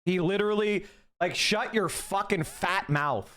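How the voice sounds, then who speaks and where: A man reacting to a news clip with angry commentary, profane and yelling insults at what he is watching. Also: high-pitched, unhurried. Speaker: online reaction host.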